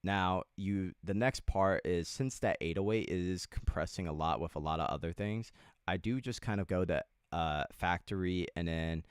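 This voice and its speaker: A man's voice: deep voice, normal speed, clean tone, no echo, clean studio sound. A young man livestreaming a beat-making tutorial, chatting casually with his chat, joking and swearing a lot. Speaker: music producer livestreamer.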